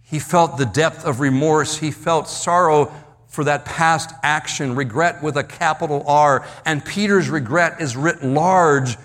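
A man preaching a verse-by-verse sermon, slowing down and dropping his voice low to stress key words, often repeating himself. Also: fairly bright tone. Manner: slows and drops low for emphasis, repeats words. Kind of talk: expository sermon.

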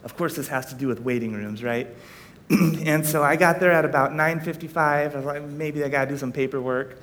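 A man's voice: a little fast, a bit bright. A man preaching a sermon, telling a personal story with frequent self-deprecating chuckles. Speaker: pastor. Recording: reverberant hall, faint rumble.

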